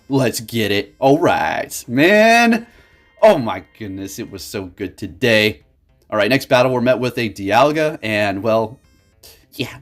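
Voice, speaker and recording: A man giving casual, excitable gameplay commentary for his channel, laughing often and talking to viewers as folks. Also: lowish voice. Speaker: gaming YouTuber.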